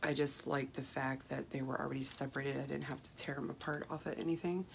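A woman talks softly and casually, rambling through fillers and restarts. Her voice sits low and has a rough, froggy grain. A clear hiss runs under her voice, along with the crinkle of packaging. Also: little pitch movement, fast. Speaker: craft haul vlogger. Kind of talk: casual chat.

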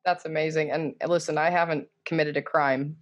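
A man's voice: on the high side, steady tone, fairly quick, highs cut off. A male podcast host speaks in a casual, conversational interview style. He keeps things light with jokey, self-deprecating remarks.

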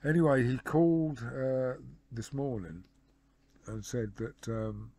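Man retelling a phone call, mellow voice. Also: mid-range voice, slow pace. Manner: rambling retelling of a phone conversation, lots of "he said" and "I said". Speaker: motorcycle vlogger. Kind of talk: casual storytelling to camera.

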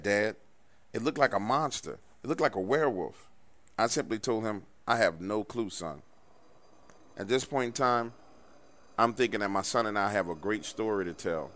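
A man with a fairly low voice narrates a scripted first-person horror story. His telling is hushed and somber, kept low and close. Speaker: storyteller recounting an encounter.

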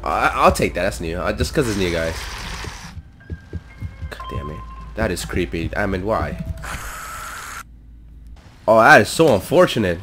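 A man's voice: low-pitched, measured pace, pauses often, music in the background. A man casually narrating his game to viewers, easily startled and talking to himself as he loots. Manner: excitable, talks to viewers, jumpy outbursts. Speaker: gaming YouTuber. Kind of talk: casual let's-play commentary. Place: hot home room.

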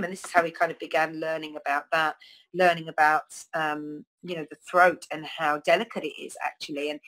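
Casting: middle-aged woman, slightly low voice, chatty wellness host who loses her thread and restarts. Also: a bit bright, rough recording. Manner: rambling, many ums and restarts. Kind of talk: casual spoken talk to camera.

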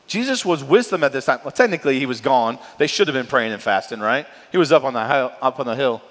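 A male pastor preaching a sermon in a lively, conversational way, often checking in with "right?". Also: mid-range voice, fast talker. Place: church sanctuary. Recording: long church hall reverb.

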